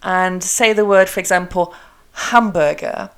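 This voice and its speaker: A woman with a slightly low voice teaches English pronunciation in a casual podcast chat. She says tongue twisters slowly and with crisp, deliberate articulation.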